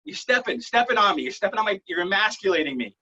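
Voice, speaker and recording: A man doing a stand-up set over a video call, rambling through self-deprecating jokes in a deadpan way. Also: high-pitched, quick pace, breathy edge. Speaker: stand-up comedian. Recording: muffled lo-fi online call audio.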